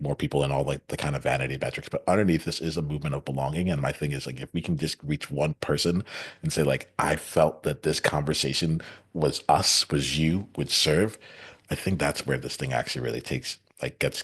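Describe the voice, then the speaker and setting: A man hosting a podcast panel, talking in a reflective, halting way with lots of restarts and fillers, from the United States, on a video call. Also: extremely low pitch, breathy edge. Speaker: podcast host. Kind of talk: casual podcast panel wrap-up.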